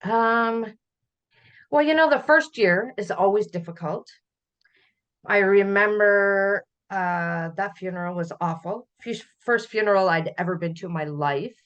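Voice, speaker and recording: A middle-aged Canadian woman, a podcast guest, telling family memories in a relaxed conversational way, often laughing as she recalls. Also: mid-range voice, unhurried, highs cut off. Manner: warm storytelling, laughs while recalling. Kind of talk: conversational interview.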